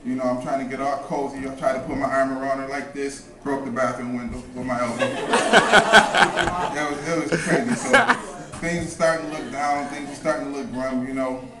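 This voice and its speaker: A young man doing a stand-up comedy set, telling stories in a laid-back, deadpan way. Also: medium pitch. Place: comedy club with a live audience. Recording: roomy club sound from a distance, crowd laughter. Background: audience laughing.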